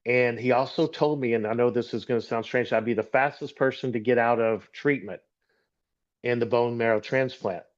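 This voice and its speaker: Earnest middle-aged man giving testimony. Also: mid-range voice. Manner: earnest, halting, with repeated words. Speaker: guest speaker. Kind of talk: personal testimony talk. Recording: dull lo-fi recording.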